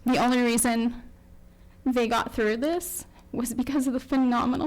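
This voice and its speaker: Woman parent at school board mic, fairly high voice, near tears, halting and apologetic. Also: fairly even intonation, darkish tone, rough recording. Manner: emotional, tearful, apologetic, halting with many ums. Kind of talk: public comment.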